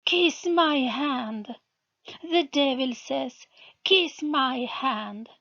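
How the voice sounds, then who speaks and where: A woman reading a storybook aloud, voicing a scornful male cult leader in a bright, squeaky voice. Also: very slow, gravelly, lo-fi sound, exaggerated voice. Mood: threatening. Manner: scornful, threatening.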